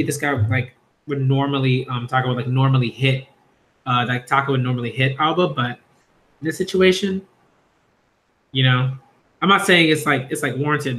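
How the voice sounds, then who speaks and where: A man's voice: medium pitch, fairly bright tone. A man reviewing a manga in a rambling, chatty live reaction, with slangy asides. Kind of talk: casual live reaction commentary.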